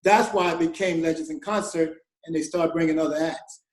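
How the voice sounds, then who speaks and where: Animated high-voiced male storyteller. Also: brisk, roomy sound, rough recording. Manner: animated storyteller, acts out quoted voices, laughs often. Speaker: guest musician. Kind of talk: storytelling in an interview.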